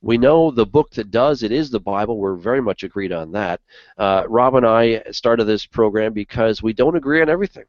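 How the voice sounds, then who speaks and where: A man's voice: on the low side, animated, fairly quick, dry recording. A man co-hosting a Bible study show in casual discussion, talking earnestly with lots of "you know" fillers. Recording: dull lo-fi dry recording.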